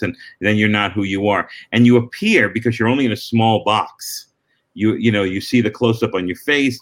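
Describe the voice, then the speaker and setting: A middle-aged man, a comedian, answering interview questions in relaxed storytelling with frequent restarts and asides. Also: on the low side. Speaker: comedian and former talk-show warm-up act.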